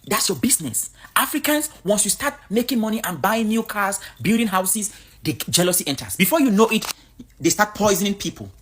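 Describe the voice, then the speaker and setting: A woman's voice: medium pitch, animated, brisk, husky. A woman from Cameroon, giving a blunt, outspoken vlog monologue. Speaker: vlogger.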